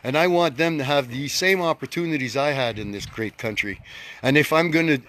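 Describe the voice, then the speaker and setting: A man's voice: on the high side, a little fast, a bit bright. A man in his fifties, angry, giving a blunt and emphatic rant to his followers and repeating his key points. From Canada. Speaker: group leader addressing followers. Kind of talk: self-recorded social media rant.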